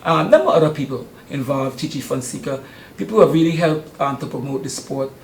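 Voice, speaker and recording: In a roomy studio, an older man with a medium-pitched, darkish voice talks a little fast and expressively about the youth sports camp he runs. It's a casual interview full of hesitant ums, with a faint hiss or hum in the recording.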